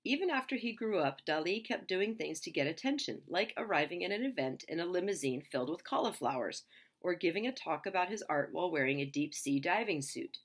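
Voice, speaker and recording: A woman reading a children's picture book aloud in a lively, expressive way. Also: lowish voice, fairly quick. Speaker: reader.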